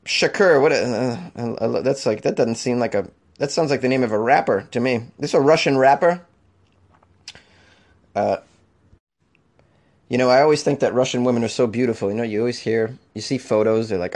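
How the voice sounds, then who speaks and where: A man's voice: mid-range voice, expressive. Jokey male weird-news host. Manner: jokey, rambling, quick to laugh. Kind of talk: comedic news commentary.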